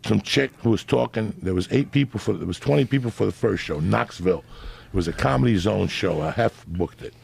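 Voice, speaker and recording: A man in his fifties telling a loud, profane story in casual conversation, often breaking into laughter. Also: lowish voice, fairly quick, vocal fry, slightly rough. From New Jersey. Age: 50s. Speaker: comedian guest.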